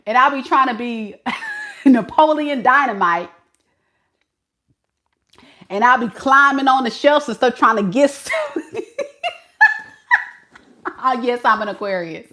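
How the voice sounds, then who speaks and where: A young woman, a tarot reader, chatting casually to camera with playful, animated storytelling. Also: high voice, measured pace, pauses often. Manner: animated, playful storytelling with lots of acted-out voices.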